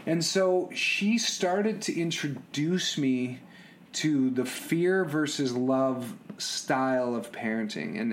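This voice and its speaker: A middle-aged man telling personal stories about being a father, animated, often repeating words and restarting sentences. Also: mid-range voice, slight background noise. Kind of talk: casual storytelling.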